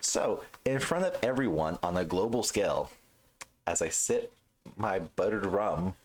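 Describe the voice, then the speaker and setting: A man's voice: sits low, expressive, measured pace, darkish tone, a little hiss or hum. A man co-hosting a podcast in casual chat, blunt and teasing, swearing freely. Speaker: podcast co-host.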